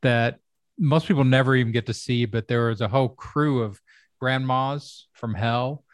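A man's voice: mid-range voice, normal speed, no room sound, studio quality. Man telling comedy-business stories. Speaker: comedy producer and teacher. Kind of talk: casual podcast chat.

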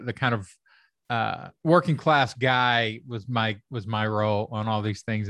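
A man's voice: medium pitch, a bit bright, no room sound, studio quality. A middle-aged man from Kentucky, a comedy writer and stand-up comic, telling stories in a casual, rambling way with many fillers. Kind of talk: casual storytelling chat.

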